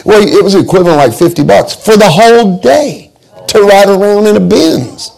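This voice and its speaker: A man's voice: high voice, lively intonation, moderate pace, gravelly, darkish tone, rough recording. A pastor preaching a sermon, telling joking, folksy stories and often restarting his sentences.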